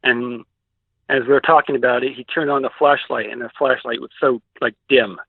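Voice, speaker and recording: A man's voice: mid-range voice, steady tone, brisk, gravelly, husky, no echo. Guy from the pacific northwest rambling thru his story, lots of likes, tinny dry phone sound. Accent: Pacific Northwest American. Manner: rambling, many likes and restarts. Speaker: guest recounting a sighting. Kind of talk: casual interview storytelling.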